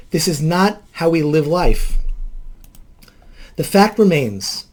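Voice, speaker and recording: A man's voice: a little high, lively intonation, takes it slowly, long pauses, darkish tone. A man working as a counselor gives spoken commentary, emphatic and rhetorical, and he often repeats key phrases.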